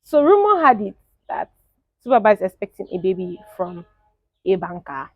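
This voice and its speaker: A young woman, giving animated, opinionated casual commentary as a show reviewer and laughing often. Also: medium pitch, moderate pace, no room sound, phone-quality sound.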